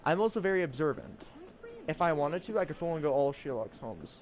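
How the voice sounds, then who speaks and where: A man's voice: a little high, animated, a little fast, a little mellow, slight background noise. A young man chatting casually while playing a game, reading riddles aloud and joking with mock French phrases. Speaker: gameplay streamer. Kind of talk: casual gameplay commentary.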